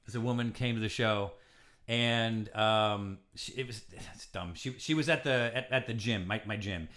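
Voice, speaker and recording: A man's voice: lowish voice, moderate pace, a bit bright. A male comedian in casual podcast chat, telling awkward stories about himself with lots of stammered restarts. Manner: stammering restarts, self-deprecating.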